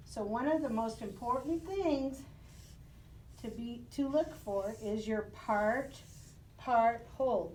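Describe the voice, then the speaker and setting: A high-voiced woman teacher talks slowly and patiently through a math lesson for young children, now and then slipping into sing-song phonics chants. She sounds set back from the mic in an echoey room, with faint ambience behind her. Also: darkish tone, a little hiss or hum. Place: home. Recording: roomy echo, recorded from a distance.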